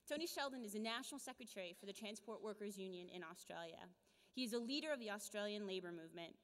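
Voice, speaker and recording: Upbeat woman host, mid-pitched, announcing from a stage mic in a big reverberant conference hall. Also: fairly bright tone. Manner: upbeat, cheers the crowd on.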